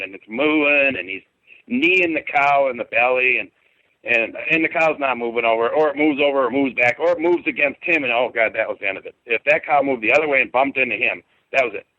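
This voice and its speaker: A middle-aged man calls in to tell a personal story, rambling and colloquial and hitting his words hard. His voice sits at an ordinary pitch and comes through a thin, tinny phone line with no room sound at all. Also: sharp tone, no room sound. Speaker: podcast guest. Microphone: phone call.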